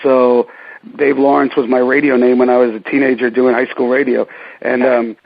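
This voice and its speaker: A man's voice: mid-range voice, little pitch movement, normal speed, gravelly, lo-fi sound. A man being interviewed about his career, telling stories casually with many restarts and fillers. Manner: rambling, many ums and restarts. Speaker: ring announcer guest.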